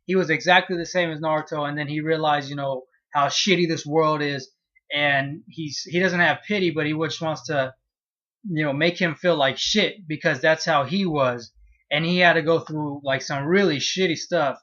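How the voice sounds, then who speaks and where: A man's voice: fairly high pitch, moderate pace, lo-fi sound. A man casually reviewing a comic chapter, cursing freely and acting out his reactions as he retells it. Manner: profane, animated retelling with acted-out reactions. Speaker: manga reviewer.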